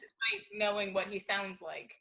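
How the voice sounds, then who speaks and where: A woman co-hosting a casual chat podcast over a remote video call, animated and quick to laugh. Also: medium pitch, poor audio. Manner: animated, enthusiastic, laughs often. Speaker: podcast co-host.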